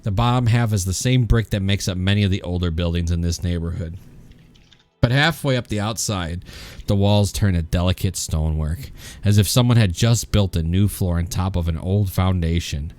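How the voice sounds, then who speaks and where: A man narrating as game master of a tabletop game, with descriptive, unhurried narration. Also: low-pitched, darkish tone.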